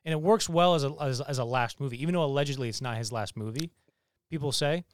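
Young male co-host, lively review banter, clean dry mic. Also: medium pitch, smooth, dry recording. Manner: animated, quick asides and self-corrections. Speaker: podcast co-host. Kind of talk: casual movie review chat.

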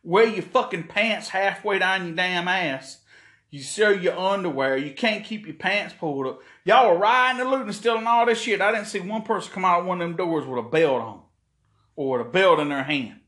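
A man's voice: high voice, normal speed, a bit bright, reverberant. A man from South Carolina, hosting a podcast in a heated, profane, rambling rant. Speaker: podcast host. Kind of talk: ranting monologue.

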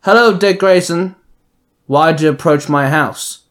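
A man voicing a cold, arrogant male assassin leader who speaks in a measured, condescending way in a fan audio story. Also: a little high, a bit bright.

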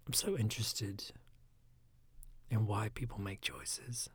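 A man with a raspy, phlegmy throat, talking in a soft, often half-whispered, rambling casual monologue. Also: fairly low pitch, fairly even intonation, slow, dry recording.

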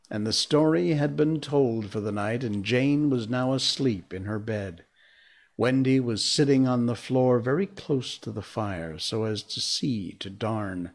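Male narrator, storybook read-aloud, slow pace, measured, expressive. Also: mid-range voice.

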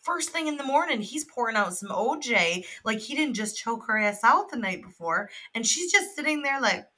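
A young adult woman co-hosting a podcast in casual chat. She is animated, swears freely and laughs often. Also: fairly high pitch, moderate pace, poor audio. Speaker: podcast co-host.

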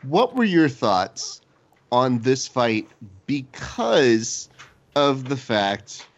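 A man's voice: mid-range voice, very animated, very slow, muffled recording. A man co-hosting a fight podcast, chatting casually and telling rambling jokey stories. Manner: joking, rambling storyteller. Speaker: podcast co-host. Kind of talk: casual chat.

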